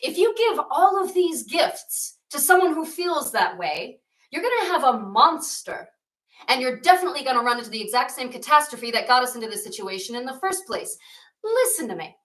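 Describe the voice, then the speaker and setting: An eager, self-assured male god insists on being heard, as a woman puts him on, in a high, bright voice. He sounds roomy and set back from the mic. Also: big pitch swings, normal speed, far from the mic. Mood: insistent.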